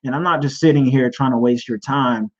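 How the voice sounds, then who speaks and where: A man's voice: medium pitch, fairly quick. Earnest rambling man, muffled lo-fi. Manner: earnest, rambling, many restarts. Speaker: podcast host. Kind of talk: personal testimony. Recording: dull lo-fi sound.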